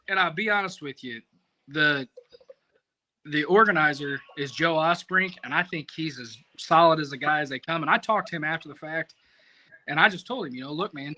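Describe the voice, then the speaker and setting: Excitable high-voiced man telling a story. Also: a little hiss or hum, poor audio. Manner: animated, profane, rambling storyteller. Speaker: competition barbecue cook, podcast guest. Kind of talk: casual storytelling.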